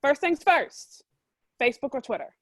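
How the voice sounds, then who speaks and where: A woman hosts a casual video-call interview and runs through quick questions with a teasing, playful edge. Her voice sits a little high. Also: big pitch swings, fairly bright tone. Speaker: host.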